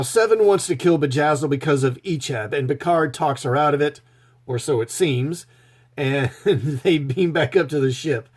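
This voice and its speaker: A man recapping a TV episode in a casual, sarcastic, mocking tone. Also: medium pitch. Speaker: show reviewer.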